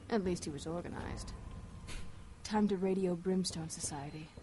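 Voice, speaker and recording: A woman's voice: on the low side, normal speed, noisy background, natural voice. A woman playing a sardonic vampire heroine in a video game. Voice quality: dry, sardonic.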